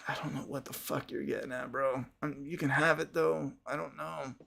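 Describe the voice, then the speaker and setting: A man's voice: medium pitch, fairly even intonation, moderate pace, vocal fry, bright, forceful tone. A man hosting a podcast livestream, chatting casually with viewers, rambling with frequent restarts and casual swearing. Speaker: podcast host.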